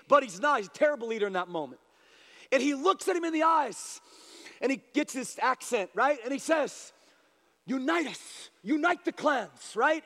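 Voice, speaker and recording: A man preaching a passionate sermon as pastor, building to loud, urgent appeals to his congregation. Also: very high voice. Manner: impassioned, rising to shouted appeals. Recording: long hall reverb.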